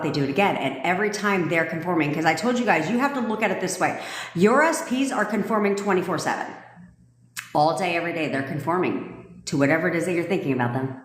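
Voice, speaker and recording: A woman manifestation coach on a live stream, talking in a sassy, profane, emphatic way. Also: lowish voice. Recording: echoey room with long reverb.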